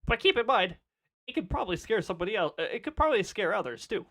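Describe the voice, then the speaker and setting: A man's voice: high-pitched, sing-song, fast talker, fairly bright tone. A man chatting casually on a live stream, laughing often and reading off weather details.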